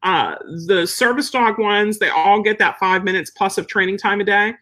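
Speaking at a moderate pace in a mid-range, fairly bright voice, a woman dog trainer handles viewer questions during an informal live teaching session. Her style is plain and talkative, and she dramatizes the quotes she repeats.

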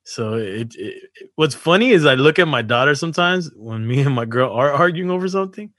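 A man chatting casually and joking around. His voice is lively and bright, swinging up and down in pitch. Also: a little fast, dry recording, clean studio sound. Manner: joking, expressive. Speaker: father, co-host. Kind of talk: casual chat.

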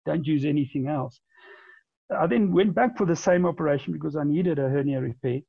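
Gravelly, husky man telling a story. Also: a little high, fairly quick, no echo, muffled recording. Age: 40s. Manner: rambling, with many repeated words and restarts. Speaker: interview guest. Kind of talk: conversational storytelling.

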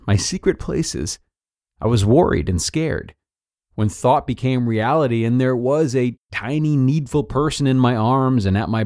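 A man hosts a podcast and reads an article aloud in an earnest, measured voice. His pitch sits in a middle range. The sound is dry and close to the mic. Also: a little mellow, no echo. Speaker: podcast host and narrator.

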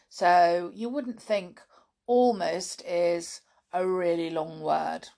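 A woman's voice: mid-range voice, vocal fry. A British woman hosting a children's podcast, chatting playfully to young listeners about riddles and fun facts, often laughing.

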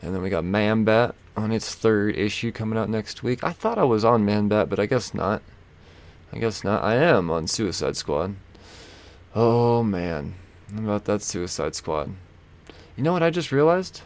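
A man's voice: fairly low pitch, very animated, normal speed. A man hosting a solo podcast, chatting casually and rambling with lots of fillers, swearing and self-mocking asides. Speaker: podcast host. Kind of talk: casual solo comic-book podcast chat.

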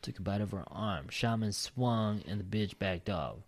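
Male podcast host, lower voice, reads listener stories aloud with crude, laughing asides. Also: moderate pace. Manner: profane, laughing asides between read lines. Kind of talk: casual podcast chat, reading aloud.

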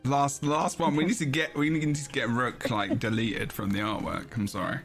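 A man's voice: medium pitch, little pitch movement, moderate pace, a bit bright, soft background music. A man hosting a gaming podcast in casual banter, teasing his guests, laughing often and trailing off with ums. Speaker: podcast host.

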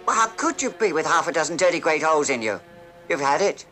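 An actor playing a cheerful, tactless young soldier in a 1960s film comedy. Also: male voice, on the high side, animated, fast talker, over music, close to an everyday voice. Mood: chummy. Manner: chummy, tactlessly frank. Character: cheerful blunt young male British soldier.

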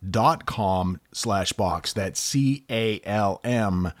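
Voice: low-pitched, very slow, no echo, clean studio sound. A podcast co-host reading an ad and reacting to a story with playful, jokey interjections. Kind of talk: casual chat and ad read.

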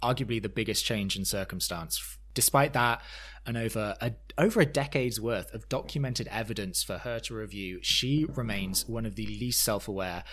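A man's voice: on the low side, moderate pace, fairly bright tone. A man co-hosting a podcast, giving wry, analytical pop-culture commentary in long reasoned sentences. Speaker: podcast co-host.

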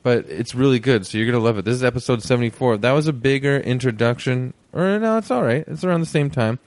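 A man's voice: mid-range voice, animated, fast talker, dry recording. A man hosting a podcast, introducing the episode in a rambling, joking way with many fillers. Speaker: podcast host.

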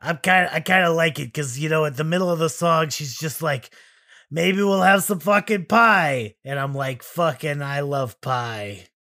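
A grumpy, foul-mouthed elf who barks his lines loud and slightly raised, as a man puts him on. He sounds sour and pushy throughout. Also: fairly high pitch, normal speed, no room sound, studio quality. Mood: surly. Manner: brash, loud and cursing.

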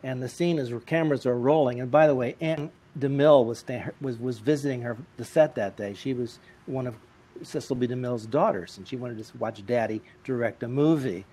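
A man telling lively, comic anecdotes as an interview guest. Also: mid-range voice, a little fast. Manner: lively, animated, comic timing. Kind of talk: anecdotal storytelling.

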